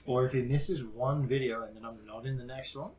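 A man's voice: medium pitch, steady tone, fairly quick, a crowd in the background. A man co-hosting a podcast in casual chat, giving short replies and swearing casually. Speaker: podcast co-host.

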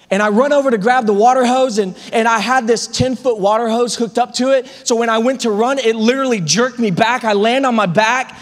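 High-voiced pastor telling a comic story. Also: male voice, in a large hall. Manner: animated comic storytelling, repeats words. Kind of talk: storytelling sermon. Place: church sanctuary.

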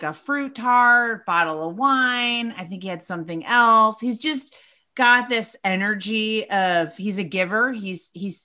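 A woman's voice: medium pitch, sharp tone. A woman talking as a podcast guest in casual chat, loose and chatty with lots of "like" and "you know".

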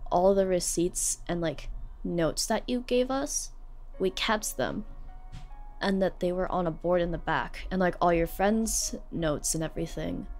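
A young adult woman streamer telling a personal story in a casual, rambling way, full of fillers and sentiment. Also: lowish voice. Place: home streaming setup.

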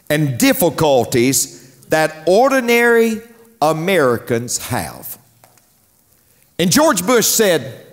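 Animated preacher man, lively pitch. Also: in a large hall. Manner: preaching with rising emphatic swells. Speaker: pastor. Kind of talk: sermon. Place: church sanctuary.

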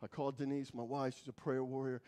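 A man preaching as a guest speaker in church, telling stories dramatically, swinging from loud to hushed. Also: medium pitch, level tone, fast, clean tone. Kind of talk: sermon storytelling.

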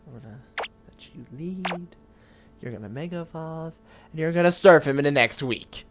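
A man commenting on a video game he is playing, joking, muttering quietly to himself, then bursting out loud. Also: a little high, moderate pace, dull audio, slight background noise. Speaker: let's play commentator. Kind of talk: gameplay commentary. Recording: loud game music behind.

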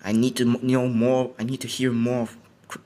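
A man's voice: medium pitch, completely flat delivery, brisk, mellow. Sleepy young man rambling through a reaction. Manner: rambling with frequent restarts. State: sleepy, just woke up. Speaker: YouTuber reacting to a trailer. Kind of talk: casual reaction commentary. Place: home, indoors. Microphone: home recording setup.

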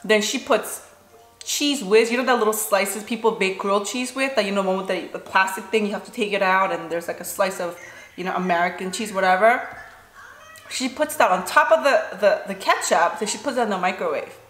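A woman's voice: medium pitch, fairly quick, fairly bright tone. A Korean-born woman in her forties, a native Korean speaker, chatting casually and telling a story with lots of "you know" and "like". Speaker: vlogger. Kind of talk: casual storytelling during a mukbang. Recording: roomy room with faint background noise.

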